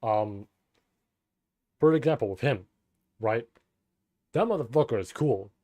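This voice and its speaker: A man streaming a live read-through of a novel, reading passages and breaking off into casual, profane, excited reactions. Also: medium pitch, measured pace, dry recording.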